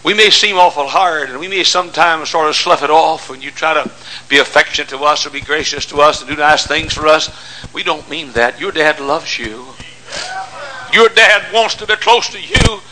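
An older man preaching a sermon, swinging from shouts to hushed storytelling. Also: fairly high pitch, moderate pace, slight background noise, low-quality recording.

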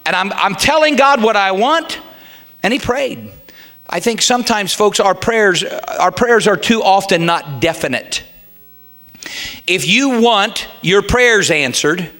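A middle-aged male pastor with a high, bright, ringing voice delivers a sermon. He mixes folksy humor with earnest teaching. At times he swells into fervent, pleading calls. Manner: folksy preaching with humor, rising to fervent pleas.

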